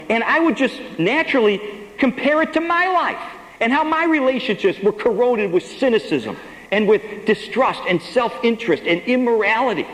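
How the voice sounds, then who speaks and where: A man's voice: sits high, fairly bright tone, roomy sound, in a large hall, poor audio. A man giving a sermon testimony, telling his story with emphasis and acting out the lines he quotes.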